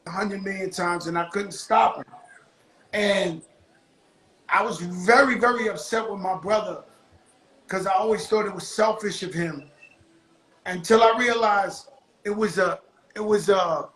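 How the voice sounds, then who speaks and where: A man's voice: high voice, fairly bright tone. Heartfelt man in an echoey room. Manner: heartfelt, halting with repeated words. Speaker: host. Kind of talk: casual call conversation.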